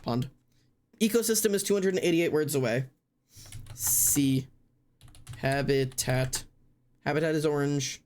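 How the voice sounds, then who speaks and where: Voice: mid-range voice, unhurried, pauses often, a little mellow. A streamer casually thinking aloud during a live word-guessing game, spelling words out letter by letter and poking fun at themself.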